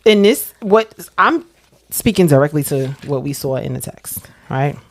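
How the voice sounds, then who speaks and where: Low-voiced New York woman, relaxed cohost. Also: normal speed. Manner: easygoing, affirming, reads passages aloud. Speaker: podcast co-host. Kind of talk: casual chat.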